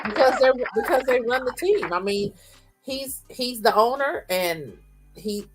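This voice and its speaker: A woman co-hosting a casual sports podcast, reacting in a quick, exasperated way. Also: fairly high pitch, expressive, husky, faint music behind. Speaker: podcast co-host.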